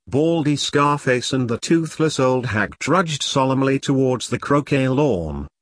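An audiobook narrator, male, reads scripted narration in a measured, storytelling voice. His pitch sits in the middle range, and there's no echo.

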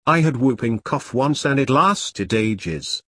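A man's voice: medium pitch, animated, takes it slowly, a bit bright, breathy edge, no echo, clean studio sound, heavily acted. A man reading the part of a timid, whining young soldier. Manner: whining, plaintive. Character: whiny, timid young male private.

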